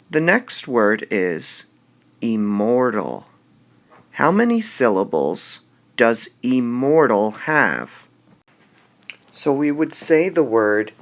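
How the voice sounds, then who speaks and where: A male teacher giving a recorded video lesson, explaining slowly and deliberately and drawing out example words. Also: medium pitch, creaky, fairly bright tone.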